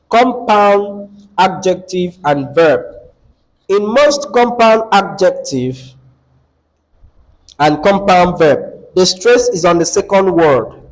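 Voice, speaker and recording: A man's voice: high-pitched, low-quality recording. A man teaching a class on word stress, often putting questions to the students and repeating the key words. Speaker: English teacher. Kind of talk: classroom lecture.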